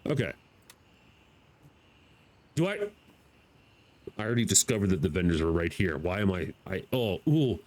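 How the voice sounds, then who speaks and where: An American man streaming a game live, talking to himself, excitable and swearing freely. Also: low-pitched, moderate pace, long pauses, poor audio. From United States. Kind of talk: live gameplay commentary.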